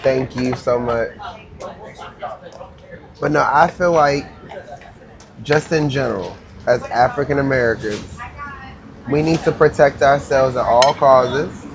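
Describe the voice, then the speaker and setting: Loud, joking man in a busy restaurant. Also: medium pitch, slow pace, creaky, long pauses. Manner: loud, playful, slangy banter. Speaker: podcast co-host. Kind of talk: casual chat over a meal. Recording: noisy restaurant crowd. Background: restaurant chatter and clinking dishes.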